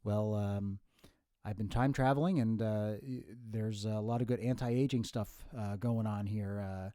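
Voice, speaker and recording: The performer's future self, a centenarian time traveler played by a man, who lectures slowly with plenty of ums. He speaks lower and quieter than his usual voice. The recording is dry and close. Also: fairly even intonation, no room sound, natural voice. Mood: grave. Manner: slow, lecturing like a professor, many hesitations. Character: man's own future self, nearly a hundred, from 2075. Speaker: host. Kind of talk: comedy sketch with himself.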